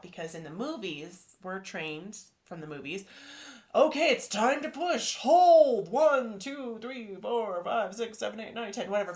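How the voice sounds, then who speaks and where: A woman in her thirties, hosting a podcast and telling a personal story in an animated, emotional way. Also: lowish voice. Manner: emotional, animated retelling with acted quotes. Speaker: podcast host.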